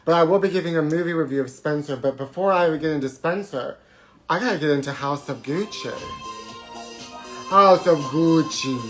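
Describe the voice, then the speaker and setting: A man's voice: fairly high pitch, quick pace, soft background music. A man hosting a live show, talking in a theatrical, gossipy way and jumping from topic to topic. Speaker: host of a live trash-talk show. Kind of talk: campy live-stream monologue. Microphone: forgot to put on his microphone.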